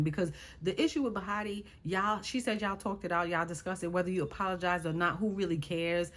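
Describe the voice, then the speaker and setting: A woman's voice: lowish voice, brisk, few pauses. A woman recapping a reality show in casual chat, sassy and exasperated as she talks to her viewers.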